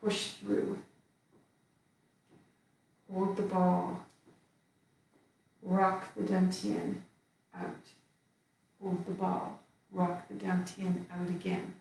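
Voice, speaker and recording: Slow-paced woman cueing a movement class. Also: on the low side, vocal fry, a little hiss or hum. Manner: calm step-by-step cueing while moving. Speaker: qigong instructor. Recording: echoey room from far off.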